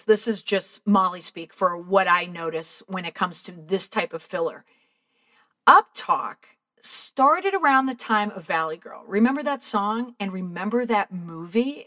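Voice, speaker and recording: A middle-aged woman talks straight to her listeners as a podcast host and speaking coach. Her pitch is typical for a woman, and she gives firm advice while putting questions to her audience. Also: bright, forceful tone. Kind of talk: instructive podcast monologue.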